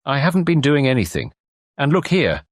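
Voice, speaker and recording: A man's voice: mid-range voice, very animated, moderate pace, no room sound, clean studio sound, voice pushed up. A man voicing an anxious aristocratic new father in an audiobook, with clipped upper-class banter.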